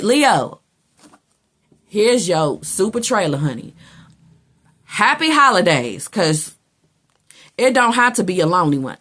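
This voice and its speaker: A woman's voice: lowish voice, noisy background. A woman giving a casual tarot reading, blunt and chatty, who swears freely and acts out what other people say. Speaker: tarot reader.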